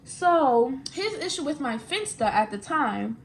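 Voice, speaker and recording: A woman's voice: high-pitched, very animated, a little slow, a little hiss or hum. A young woman, telling a storytime in casual, slangy chat and repeating phrases for emphasis. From New York. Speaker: vlogger. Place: at home, getting ready.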